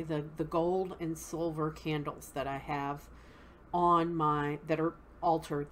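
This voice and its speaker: Slow-talking Southern woman teaching. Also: lowish voice, a bit bright, slight background noise. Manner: patient, explains step by step with frequent "okay?". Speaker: witchcraft teacher. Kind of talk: casual instructional talk.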